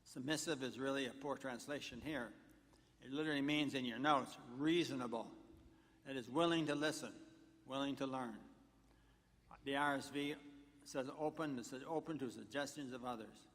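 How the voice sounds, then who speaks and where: A pastor with a mid-range, fairly bright voice preaches a sermon at normal speed in a church sanctuary. He walks through numbered points and tells jokes along the way, his words carrying a long church reverb.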